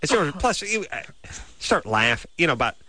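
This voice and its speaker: A man's voice: on the high side, very animated, a little fast, sharp tone, no room sound. A man hosting a radio show, riffing wryly and at length in casual comic banter. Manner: wry, rambling riffs.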